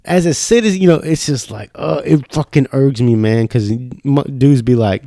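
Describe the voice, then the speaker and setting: Speaking at normal speed with few pauses, this young adult podcast host has a mid-range, dark-toned voice and no room sound. He chats casually in the studio, ranting loosely, swearing constantly and getting fired up.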